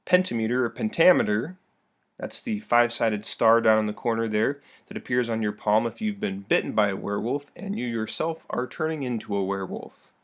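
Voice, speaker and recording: A man's voice: medium pitch, fairly bright tone. A young man gives a recorded classroom lesson in his own middle-range voice. He keeps it light and playful, dropping jokes and asides between the definitions as he walks through the material. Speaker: teacher.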